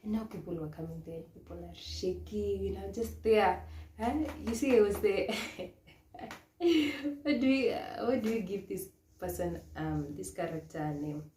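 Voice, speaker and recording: A woman's voice: mid-range voice, moderate pace, mellow. A woman with a Kenyan accent, a pageant model coach, telling a story casually and laughing often, switching into Swahili now and then. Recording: echoey room with faint noise.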